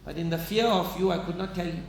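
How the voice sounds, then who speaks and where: A man's voice: high-pitched, steady tone, fast talker, gravelly, a little hiss or hum. A male imam preaching a sermon, earnest and dramatic as he retells stories with quoted dialogue. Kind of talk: sermon storytelling. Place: mosque. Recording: echoey mosque hall, faint ambience.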